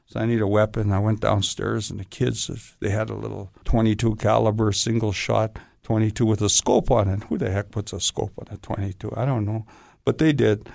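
A stunt performer in an interview, telling long rambling stories in a casual way and often saying "you know". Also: male voice, on the low side, steady tone, fairly quick, gravelly, darkish tone, no echo, clean studio sound.

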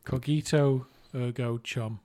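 A man from England co-hosting a casual movie podcast, jokey and quick to laugh. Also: mid-range voice, steady tone, darkish tone. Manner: jokey, laughs often, slips into put-on voices. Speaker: podcast co-host.

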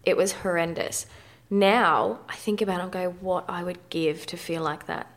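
A woman's voice: lowish voice, fairly even intonation, normal speed. A woman in her thirties speaking frankly and conversationally in an interview. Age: 30s. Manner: frank, conversational, uses mild swearing. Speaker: guest. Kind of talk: candid personal interview.

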